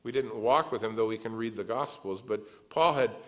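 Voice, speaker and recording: A man's voice: fairly low pitch, normal speed, a bit bright. A middle-aged male pastor preaching a sermon, reading scripture aloud and adding earnest, conversational asides.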